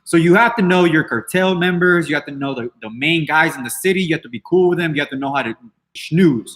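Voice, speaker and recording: Fairly high-pitched, fairly quick and a bit bright, the male podcast host delivers a loose, off-the-cuff rant. His manner is brash and dismissive; he curses openly and wanders, starting over again and again.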